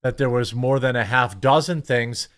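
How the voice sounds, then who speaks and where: A man's voice: mid-range voice, moderate pace, a bit bright, clean tone. A man hosting casual political commentary, blunt and sarcastic, rambling with lots of fillers and restarts.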